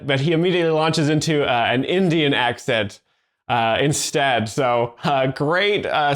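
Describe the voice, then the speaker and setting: A man giving deadpan, hesitant commentary that explains jokes, halting often with fillers and restarts. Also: fairly high pitch. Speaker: joke explainer.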